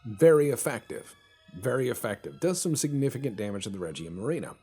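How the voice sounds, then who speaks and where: A man's voice: medium pitch, big pitch swings, a little fast, mellow, husky, faint music behind. A man hosting a let's play, rambling in casual, profane, joking gameplay commentary.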